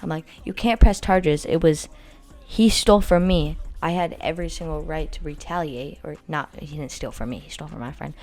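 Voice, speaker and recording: A woman's voice: low-pitched, a little fast, a little mellow. A teenage girl telling a story-time vlog in casual, rambling speech full of "like", blunt and boastful. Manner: rambling, filler-heavy with constant "like".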